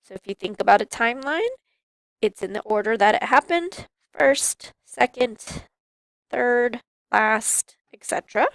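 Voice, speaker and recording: A woman teacher slowly and deliberately explaining a class project. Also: on the high side, gravelly, fairly bright tone, no room sound, poor audio.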